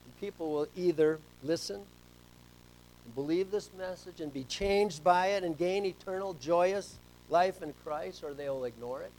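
A middle-aged man preaching a sermon as pastor, telling stories and swinging between soft asides and loud emphasis. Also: sits high, a little slow, slight background noise, rough recording.

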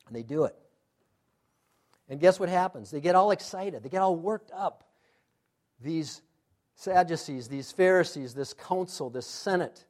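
Guy preaching a sermon, high voice for a man, fires off questions, goes loud then soft. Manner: emphatic, rhetorical questions, swings loud to soft. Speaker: pastor.

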